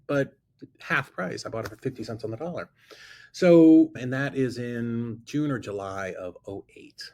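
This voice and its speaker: A man telling an animated story about his past, acting out both sides of a conversation. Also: mid-range voice. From Florida. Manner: lively storyteller who acts out both sides of dialogue. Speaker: guest investor telling a story. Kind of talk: animated anecdote on a talk show.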